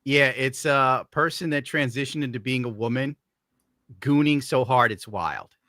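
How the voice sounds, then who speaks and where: Bright, sarcastic male streamer. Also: mid-range voice, moderate pace, no echo, studio quality. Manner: sarcastic and mocking, reads out donations. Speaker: streamer host. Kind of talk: casual stream commentary.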